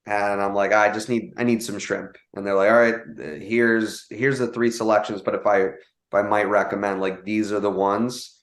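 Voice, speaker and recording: A young man telling a casual story, animated, with many fillers and quoted voices. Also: lowish voice, moderate pace, roomy sound. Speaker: guest telling a sales story.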